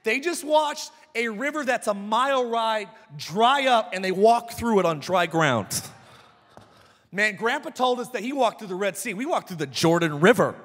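A man in his thirties preaching a sermon as pastor, telling animated stories with shouted peaks. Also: sits high, normal speed. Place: church sanctuary. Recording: church hall reverb.

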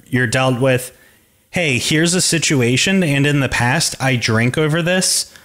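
A man's voice: medium pitch, fairly bright tone. A man hosting a recovery podcast, talking in an earnest, reflective way and thinking aloud. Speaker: podcast host, coach. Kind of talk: reflective interview talk.

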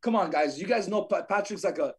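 A man telling stories on a podcast in a fast, emphatic way, with quiet somber moments and loud bursts. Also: high-pitched, breathy edge. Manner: fast, emphatic, swings between quiet sorrow and loud energy. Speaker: podcast guest, insurance agent. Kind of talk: animated storytelling.

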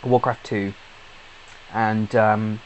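Swearing British gamer rambling casually. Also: male voice, lowish voice, little pitch movement, extremely slow, muffled recording, slight background noise. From Britain. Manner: chatty and swears freely, with many fillers and restarts. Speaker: YouTube gamer.

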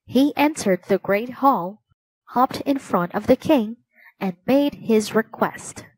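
Woman narrating a storybook, a touch high, slow and dry. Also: animated, a little mellow, dry recording, rough recording. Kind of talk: storybook reading.

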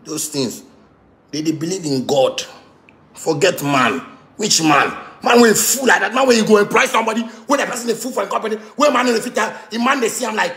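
Angry Ghanaian man ranting loudly. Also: sits high, expressive, a little fast, echoey room. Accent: Ghanaian Pidgin English. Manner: heated, repetitive, swings from shouting to muttering. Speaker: musician ranting to camera. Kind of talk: angry rant.

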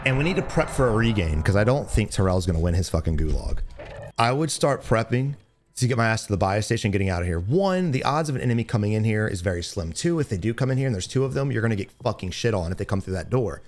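A young man giving blunt, profane gameplay commentary as a streamer, breaking into loud excited bursts. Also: on the low side, fast talker. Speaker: gaming streamer.

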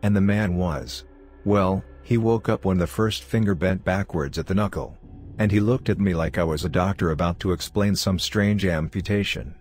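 A man narrating a horror story in a steady, confessional telling. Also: low voice, normal speed, faint music behind.

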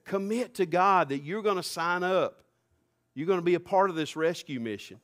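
A male pastor preaching a sermon, rising fervently to near-shouts. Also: high voice, moderate pace.

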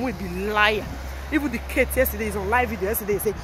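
A woman's voice: medium pitch, fast. A woman with a Nigerian Pidgin English accent, vlogging while she walks outdoors, mocking and taunting the people she talks about. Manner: taunting, mocking and repetitive, shifting between calm and loud. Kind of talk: outdoor gossip vlog. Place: outdoors on a road. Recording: noisy outdoor phone recording.

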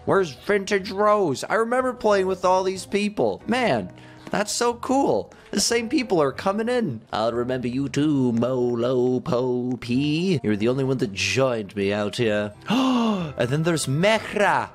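A man hosting a gaming video, giving excitable commentary and talking to viewers, with stammered repeats. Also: mid-range voice, measured pace, faint music behind.

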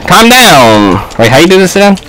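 Excitable young man yelling at a game. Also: normal speed, low-quality recording. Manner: excitable, shouts and trash-talks at the game, swings loud and high. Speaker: gaming YouTuber. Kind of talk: casual gameplay commentary. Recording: faint music behind.

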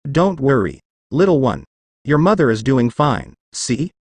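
A man plays a calm, overwhelmingly powerful hero who speaks softly and soothingly. The voice is unhurried and gentle, recorded close and dry for a fan fiction audio story. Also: mid-range voice, husky, no echo. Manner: soft-spoken and soothing.

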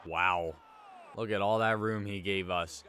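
A man's voice: low voice, steady tone, unhurried, pushed and bright, slight background noise. A young man hosting a gaming channel, chatting casually and reacting aloud to the game he plays, a bit drowsy from just waking up. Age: young adult. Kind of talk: casual gameplay commentary.

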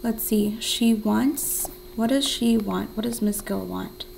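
A woman's voice: medium pitch, slow pace, creaky, slight background noise, poor audio. A young woman teaching a remote writing lesson, encouraging and thinking aloud as she writes. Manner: counts syllables in a soft whisper.

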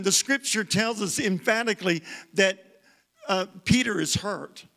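Guest preacher, male, high bright voice, call-and-response sermon delivery. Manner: preaching with call-and-response, repeating words for emphasis. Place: church sanctuary.

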